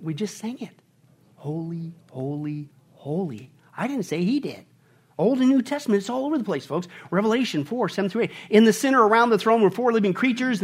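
High-voiced preacher, loud and animated. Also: male voice, slightly rough. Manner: swings from quiet to loud, mocking voices. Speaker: pastor. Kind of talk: sermon.

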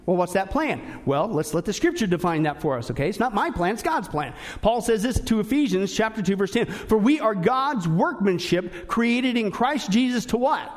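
A male pastor preaching a sermon in an emphatic, animated way, with frequent asides to his listeners. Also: sits high, normal speed, few pauses.

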